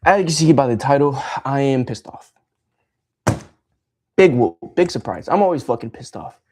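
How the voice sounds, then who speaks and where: A man's voice: medium pitch, animated, moderate pace, background noise. A man ranting on a casual livestream, frustrated and swearing freely as he rambles. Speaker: streamer.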